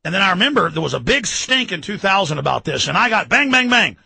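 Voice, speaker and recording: Loud ranting gravelly male talk host. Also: high-pitched, very animated, quick pace, rough recording. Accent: Texan. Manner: loud, ranting, mocking, shouts at times. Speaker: radio talk show host. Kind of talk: fired-up political rant.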